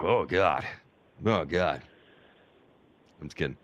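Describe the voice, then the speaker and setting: A man's voice: low voice, moderate pace. A man hosting a charity livestream, talking casually in a candid, profane, self-deprecating way. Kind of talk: casual chat.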